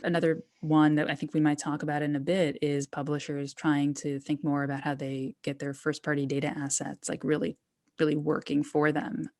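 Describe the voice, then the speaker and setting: A woman's voice: low voice, monotone, moderate pace, a little mellow, no room sound, clean studio sound. A woman guest on an interview podcast, talking candidly and casually, loose with slang. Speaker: guest, trade journalist.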